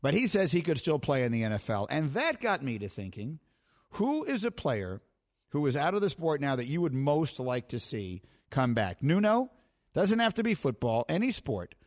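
A man's voice: a little high, sing-song, moderate pace. A man hosting a sports talk show, playful and wry, teasing his staff and riffing dramatically. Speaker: sports radio host.

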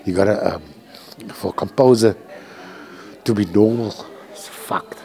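A man's voice: on the low side, a little slow, gravelly, warm tone. A man, a composer, talking candidly and emotionally in a rambling, profane way from a hospital room.

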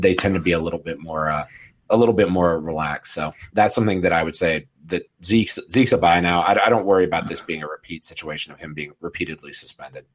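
A man hosting a casual sports podcast, steering the discussion and tossing in quick sarcastic asides. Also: deep voice. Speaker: podcast host.

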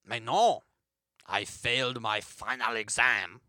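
A man voicing the deadpan ghost of a French mime, with a put-on French accent and a solemn, quiet delivery. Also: medium pitch, slow, dry recording, clean studio sound, pitched below the performer's own voice. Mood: grave.

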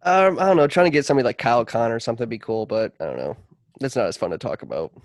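A man co-hosting a casual sports podcast, rambling in quick bursts and throwing in goofy asides. His voice sits at a middle pitch and is recorded dry and close, with no room sound. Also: animated, no room sound. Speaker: podcast co-host.

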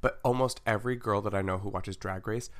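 A man's voice: fairly low pitch, steady tone, a bit bright. A man co-hosting a podcast in casual chat, rambling and restarting his sentences often. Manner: rambling, halting with many restarts. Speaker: podcast co-host.

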